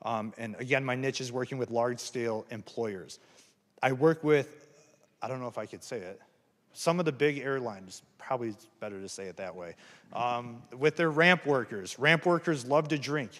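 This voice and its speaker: A man's voice: medium pitch, normal speed, a bit bright. A man giving a candid, earnest talk about recovery to an audience, self-deprecating and plain-spoken. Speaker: recovery speaker at a campus event. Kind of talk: personal testimony talk. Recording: hall reverb.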